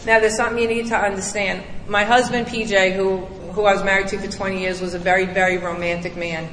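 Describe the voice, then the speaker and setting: A woman's voice: mid-range voice, flat delivery, brisk, a bit bright, slight background noise. Blunt, candid woman in an echoey hall. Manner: candid, emphatic, blunt storytelling. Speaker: recovery speaker. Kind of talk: personal recovery testimony. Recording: echoey hall, distant mic.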